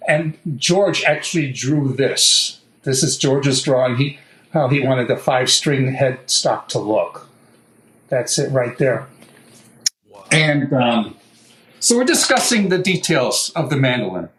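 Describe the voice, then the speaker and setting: A middle-aged guitar maker, a man, telling lively stories in an interview, acting out what others said and laughing often. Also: mid-range voice, unhurried, rough recording. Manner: animated anecdotal telling, acts out quoted voices, laughs often. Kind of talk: storytelling interview.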